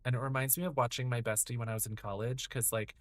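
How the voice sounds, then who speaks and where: A man's voice: medium pitch, steady tone, quick pace, dry recording. Guy in his 30s streaming a game, rambly and sweary, just chatting away to chat. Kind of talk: casual gameplay commentary.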